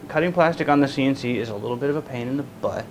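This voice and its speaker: A man's voice: mid-range voice, racing, a little mellow, a little hiss or hum, low-quality recording. A man hosting a casual workshop vlog, rambling with frequent restarts and amusing himself by talking in a made-up accent. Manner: talks in a made-up silly accent. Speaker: guitar builder hosting a workshop channel. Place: woodworking shop.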